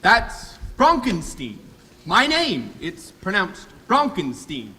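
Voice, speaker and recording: A man playing an excitable young doctor in a school stage musical, lecturing and breaking into song. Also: high voice, unhurried, distant mic, exaggerated voice. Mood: puzzled. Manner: theatrical, showy, bursts into song. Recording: echoey hall from afar with band.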